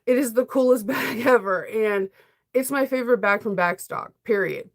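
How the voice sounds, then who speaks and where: A chatty middle-aged woman who hosts a sewing livestream. Her voice sits a little high, and she talks in a loose, casual way from her home sewing room. She laughs easily and gets emotional. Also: normal speed. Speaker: sewing vlogger.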